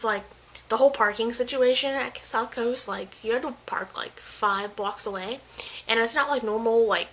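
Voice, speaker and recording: A woman's voice: a little high, fairly bright tone, slight background noise, rough recording. A young woman vlogger telling a casual story, chatty and full of "like" fillers. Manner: chatty, filler-heavy, says "like" constantly.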